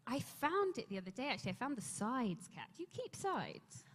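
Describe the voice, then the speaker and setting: A woman's voice: sits high, sing-song, brisk. A woman on a convention panel telling a long story, rambling and breaking off mid-sentence as she talks. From England. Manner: rambling, self-interrupting storyteller. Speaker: panel guest actor. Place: large convention hall. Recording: long hall reverb.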